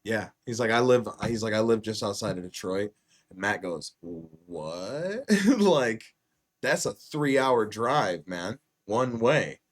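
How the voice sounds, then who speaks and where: This is a man hosting a casual podcast, recounting a story in a slightly low voice. He swears freely and acts out each quoted line with sudden loud bursts. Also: lively intonation, slow pace. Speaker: podcast host.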